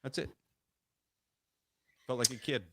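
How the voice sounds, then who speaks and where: A man's voice: medium pitch, unhurried, pushed and bright, dry recording, studio quality. A man co-hosting a casual podcast over a remote call, talking in a rambling way with many restarts. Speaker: podcast co-host.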